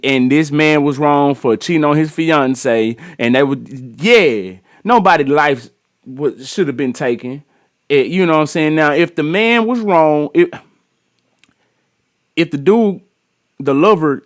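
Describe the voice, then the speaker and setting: Blunt, slangy man with a raised voice. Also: on the high side. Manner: blunt, slangy and profane, scolding the people in the clip; repeats and restarts phrases. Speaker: reaction commentator. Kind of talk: casual reaction commentary.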